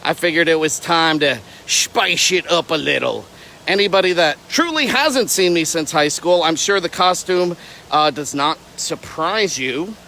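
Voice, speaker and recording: Bright-voiced playful young man on a livestream. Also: on the high side, expressive, measured pace, a little hiss or hum, rough recording. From Florida. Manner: playful, rambling, jumps between tangents. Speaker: reptile keeper livestreaming. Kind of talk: casual livestream chat. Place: outdoor alligator park.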